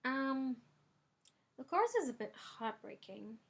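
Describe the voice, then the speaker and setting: Young woman vlogger, relaxed chatty review from her bedroom, slightly high voice, slow delivery. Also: gravelly. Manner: chatty, lots of filler ums. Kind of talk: casual music review vlog. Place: bedroom at home.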